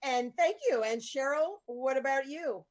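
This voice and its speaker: Chatty higher-voiced woman host. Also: measured pace. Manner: rambling, chatty, profane. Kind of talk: casual group chat.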